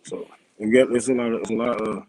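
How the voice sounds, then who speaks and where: A man calling in from a train station, talking quietly and haltingly with many fillers. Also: fairly low pitch, fairly even intonation, low-quality recording. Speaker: guest calling in.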